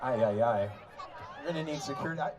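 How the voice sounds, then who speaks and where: A man's voice: medium pitch, fast talker, dull audio. A man fronting a band at a large live concert, singing and bantering playfully with the crowd through a stage mic. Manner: playful, joking crowd work.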